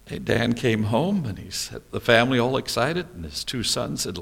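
A man's voice: medium pitch, lively intonation, normal speed, vocal fry, fairly bright tone, slightly rough. A male pastor preaching a sermon, telling stories and asking rhetorical questions with small humorous asides.

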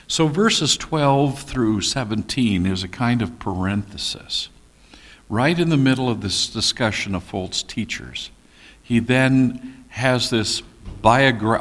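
A man teaching a Bible study class, reading scripture deliberately and making folksy, teasing asides to his listeners. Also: mid-range voice, fairly bright tone.

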